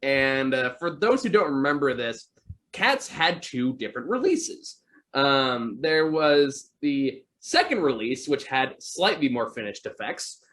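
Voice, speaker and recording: A man's voice: fairly high pitch, bright, forceful tone. Guy rambling thru movie theater stories, lots of ums and uhs, chill chat. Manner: rambling storyteller, many fillers. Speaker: podcast host. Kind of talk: casual chat.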